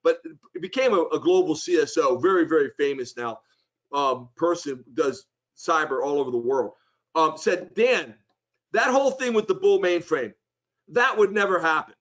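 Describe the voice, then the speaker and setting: A man's voice: normal speed, muffled recording. A middle-aged man telling a long anecdote in a conversation, acting out the quoted people as he goes. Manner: animated anecdote, voices the quoted people with rising pitch. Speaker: guest speaker. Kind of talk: storytelling in conversation.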